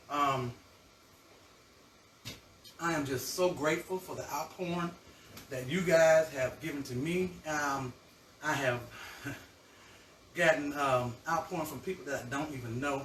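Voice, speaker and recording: Talkative guy hosting a cooking stream, kinda high voice, mic a ways off in a roomy kitchen. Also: fairly bright tone, recorded from a distance, slight background noise. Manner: chatty and effusive, savoring food aloud. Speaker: cooking show host. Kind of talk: live cooking show chat to viewers. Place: home kitchen.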